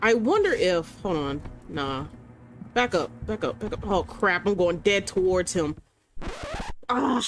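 A woman gamer doing let's-play commentary at a desk mic, excitable, yelling commands at the game and bantering in casual slang. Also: fairly low pitch, a little slow, soft background music.

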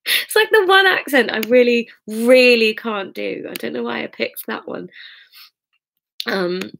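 A woman's voice: fairly high pitch, lively intonation, unhurried, gravelly, fairly bright tone, slight background noise. A woman author reading her own novel live, breaking off for giggly, chatty asides to her listeners.

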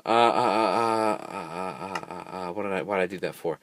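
This young man, a gameplay commentator, speaks in a low, fairly bright voice at normal speed. During his casual let's play he chats with viewers and bursts out in frustration whenever things go badly in the game.

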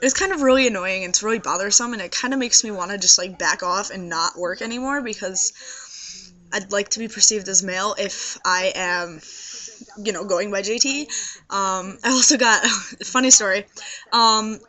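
A young trans man with a high voice and a scratchy throat, rambling tiredly to the camera in a casual video diary. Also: normal speed, pushed and bright. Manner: rambling, tired, many fillers. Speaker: video blogger. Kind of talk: casual vlog monologue.

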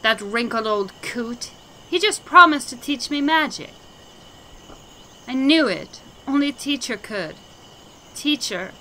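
A fiery young apprentice girl, quick to anger and fiercely loyal to her teacher, scolding in a high, bright voice, as a woman acts her out. She takes her time with every angry word. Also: lively intonation, slight background noise. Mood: indignant. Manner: indignant, scolding. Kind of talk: game dialogue voicing.

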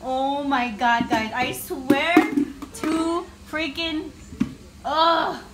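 A woman's voice: high voice, steady tone, very slow, background noise. A woman vlogging on her phone at home, panicky and exclaiming with nervous laughter. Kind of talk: casual vlog to camera. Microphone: phone camera. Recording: echoey room.

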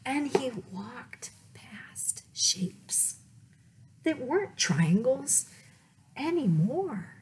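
A woman reading a picture book aloud at storytime, slow and playful, often dropping to dramatic whispers. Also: high-pitched, sing-song, a little mellow, slight background noise. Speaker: children's librarian reading aloud.

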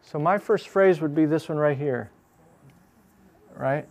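A man with a somewhat high voice leads a Bible class. He recites scripture slowly, a phrase at a time, leaning on the words, then breaks into quick, upbeat explanation. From Chicago. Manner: repeats verse phrases slowly with emphasis, then talks fast and lively. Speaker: Bible class teacher and counselor.

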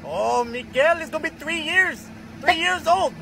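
Man putting on a cheerful young coworker, squeaky high, sing-song, sprinkles Spanish words. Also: lively intonation, unhurried, vocal fry, sharp tone, slight background noise, exaggerated voice.

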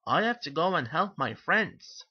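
A man voicing an eager, boastful young male tank engine in a storybook reading, speaking in an excited, shouty way. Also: a little high, a little slow, slightly rough, lo-fi sound, voice pushed up, full character voice.

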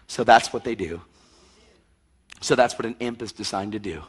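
A man's voice: fairly low pitch, normal speed, husky. A man preaching an emphatic, intense sermon, acting out scenes with sound effects. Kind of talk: charismatic sermon.

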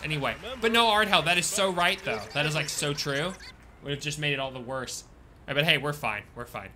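A man giving casual live-stream commentary while playing a game, chatting with viewers and breaking into sudden excited outbursts. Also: a little high, a little fast, a little hiss or hum. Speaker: gaming streamer.

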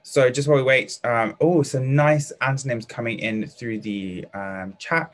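A young British man with a medium-pitched, slightly slow voice teaches a live online lesson to children. He's upbeat and encouraging, reading out pupils' answers by name and praising them cheerfully in a chatty style full of fillers.

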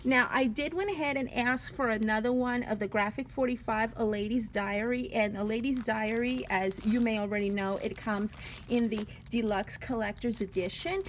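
A high-pitched woman with a Spanish accent gushes over her craft supplies and laughs easily at her own slips. She records at home on a phone stuck on a selfie stick, with a faint hum of room ambience behind her. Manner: gushing, laughs often at herself. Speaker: paper craft vlogger. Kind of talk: casual product flip-through.

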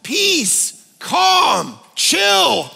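A male pastor preaching a conversational sermon, emphatic, with sudden loud bursts and casual asides. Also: very high voice, huge pitch swings, extremely slow, gravelly, big-room sound, a little hiss or hum. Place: church auditorium.

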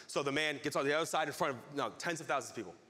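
A man preaching a sermon as pastor, telling a story with lively acted-out crowd voices. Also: a little high, racing, long reverb tail.

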